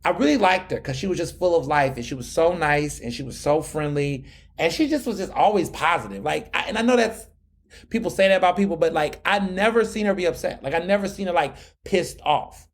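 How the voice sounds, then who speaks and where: A young adult man hosts a podcast, telling a long, casual story in a chatty, slangy monologue. His voice is a little high, with lively intonation and a fairly quick pace, and he repeats words and restarts often.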